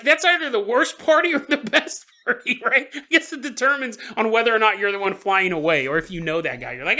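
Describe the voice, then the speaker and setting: A man hosting a podcast who tells a strange story in a comic way. He laughs often and talks straight to the listener. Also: very high-pitched. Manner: animated, laughing, jokes to the listener. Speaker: podcast host. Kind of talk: comedic paranormal storytelling.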